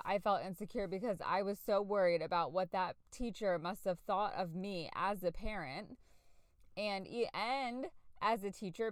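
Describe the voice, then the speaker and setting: A woman's voice: medium pitch, a bit bright, clean tone, no room sound, clean studio sound. A middle-aged woman hosting a personal podcast, speaking candidly and reflectively, searching for words with fillers and restarts. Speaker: podcast host, parent.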